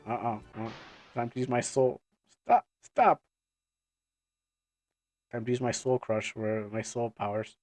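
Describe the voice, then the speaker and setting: A man's voice: medium pitch, steady tone, measured pace, pauses often, darkish tone, no room sound, soft background music, voice pushed down, close to an everyday voice. A man voicing a wary, sarcastic young hero who mutters his lines, in a fan comic dub. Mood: muttering.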